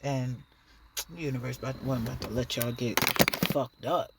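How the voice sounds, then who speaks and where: A woman's voice: a bass voice, normal speed, gravelly, very noisy. A woman giving a blunt, profane, preachy monologue straight to the camera in her own vlog. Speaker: dancer and vlogger.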